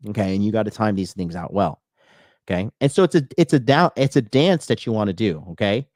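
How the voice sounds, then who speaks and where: A man coaching on dating and fitness in a blunt, profane podcast monologue, now and then mocking others in a high put-on voice. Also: expressive, a little fast, darkish tone, no echo, studio quality.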